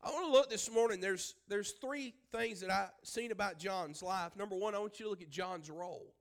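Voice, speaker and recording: A man's voice: high voice, normal speed. A man preaching a sermon as pastor. He speaks emphatically, repeats his phrases and asks the congregation questions.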